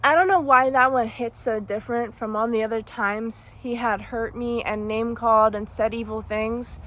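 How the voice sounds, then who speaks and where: Young woman vlogger, higher voice, soft-spoken and halting storytime delivery. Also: steady tone. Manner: halting, emotional, soft-spoken with many restarts. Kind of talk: storytime monologue.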